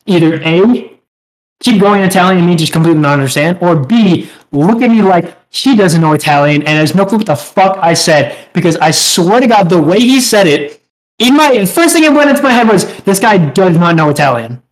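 A man's voice: high-pitched, expressive, a little fast, rough recording. A young man co-hosting a podcast, telling a rambling, profane story in casual chat and laughing as he goes. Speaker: podcast co-host.

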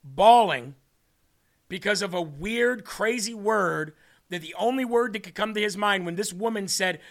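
A man's voice: sits high, moderate pace. A man hosting a faith show, telling a story in sermon style and acting out the dialogue of its people. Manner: animated, acts out dialogue in a story. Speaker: host and preacher.

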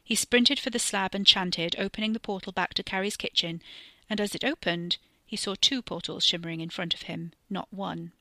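A woman in scripted narration, reading a horror serial in a measured way that slows for tension. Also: medium pitch, sharp tone, no echo. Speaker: podcast storyteller.

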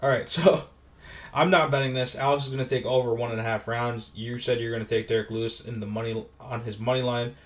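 A man's voice: mid-range voice, fairly even intonation, fast. A man in his twenties co-hosting a podcast, easygoing and steering the chat from one segment to the next. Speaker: podcast co-host. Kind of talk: casual chat about fight betting. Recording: voice a bit distant from the mic.

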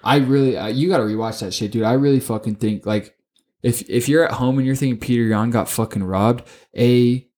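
A man co-hosting a casual sports podcast, talking excitably, swearing often and tripping over his words. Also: mid-range voice, fairly quick. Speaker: podcast co-host.

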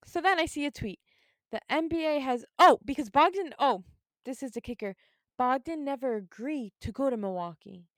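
A woman's voice: high voice, normal speed, dry recording, clean studio sound. A young woman chatting casually about basketball, laughing often and acting out her own reactions. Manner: animated, laughing, acts out reactions. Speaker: podcast co-host, basketball fan. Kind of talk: casual sports chat.

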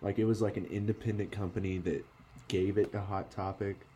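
A man's voice: fairly low pitch, flat delivery, brisk, warm tone. Young man, podcast host, casual chat, swears and laughs a lot, faint background hum.

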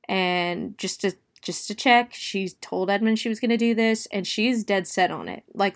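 A woman reviewing a book, casually retelling a grim plot with lots of "like" and "you know.". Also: medium pitch. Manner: chatty, with many "like" and "you know" fillers; expressive, dwelling on gory detail.

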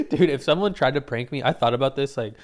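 A man's voice: medium pitch, wildly swooping pitch, fairly quick. A young man co-hosting a podcast, rambling and swearing casually. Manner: rambling, profane, easygoing. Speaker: podcast co-host. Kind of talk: casual chat.

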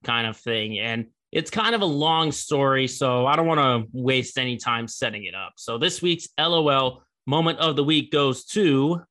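A man's voice: medium pitch, animated, normal speed, few pauses, bright, forceful tone. A young man hosting a casual sports commentary show, chatty and rambling, laughing at the story.

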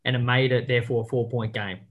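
A man's voice: medium pitch, steady tone, quick pace, dull audio. A man, co-hosting a casual sports chat over a video call and talking over the others. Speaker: podcast co-host.

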